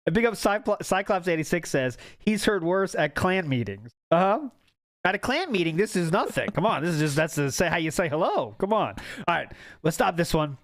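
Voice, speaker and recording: A man's voice: high-pitched, big pitch swings, brisk, fairly bright tone, no room sound, clean studio sound. A man hosting a casual clip-reaction show, joking and laughing often. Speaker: host reacting to clips. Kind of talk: casual commentary.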